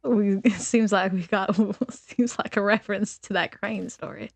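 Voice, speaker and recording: A woman's voice: medium pitch, fairly even intonation, measured pace, creaky, no echo. A woman streaming a game, chatting casually with her viewers in a teasing, giggly way and reading the game's text aloud. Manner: teasing, giggly banter with chat.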